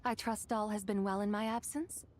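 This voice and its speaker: A woman's voice: mid-range voice, steady tone, normal speed, noisy background, natural voice. An actress playing a theatrical, grandiloquent female lunar envoy who speaks in florid, archaic phrases.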